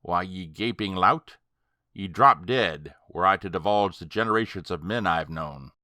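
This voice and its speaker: Ancient male sorcerer, as a man voices him, ranting, archaic speech, dry close sound, deep. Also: a little slow, bright, forceful tone, no room sound. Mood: mocking. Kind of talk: audiobook character reading.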